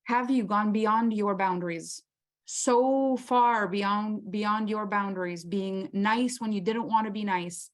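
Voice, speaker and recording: A woman's voice: medium pitch, slow pace. Impassioned woman leading a masterclass. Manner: impassioned, rhetorical questions, acts out inner voices. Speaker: masterclass host. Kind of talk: motivational workshop talk.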